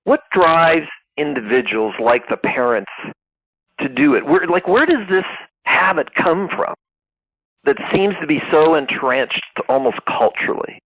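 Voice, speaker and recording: A man's voice: fairly high pitch, lively intonation, a little slow, fairly bright tone, dry recording, highs cut off. A man from Canada hosting an interview, asking curious, thoughtful questions. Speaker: podcast host. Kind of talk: interview conversation.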